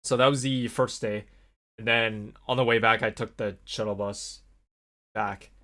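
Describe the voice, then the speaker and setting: In a solo vlog, a young adult man speaks at a measured pace in a voice on the low side. His long, casual story is full of fillers and animated swearing-to-God asides.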